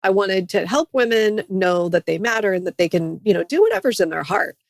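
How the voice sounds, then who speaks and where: A woman's voice: medium pitch, animated, fairly quick, gravelly, no room sound, clean studio sound. A middle-aged woman sharing her personal story as a podcast guest, speaking earnestly about healing and faith. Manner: earnest, faith-based testimony.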